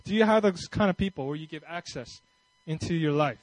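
A male pastor giving a conversational, animated sermon with casual asides and self-deprecating humor. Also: on the high side, a little fast, no echo, poor audio.

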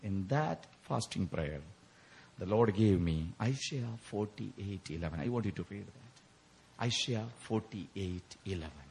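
A man's voice: on the low side, lively intonation, a little slow, vocal fry, a little mellow, slight background noise. A man preaching a sermon in a church, telling his story with emotion, laughs and sudden outbursts. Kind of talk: sermon at a prayer meeting.

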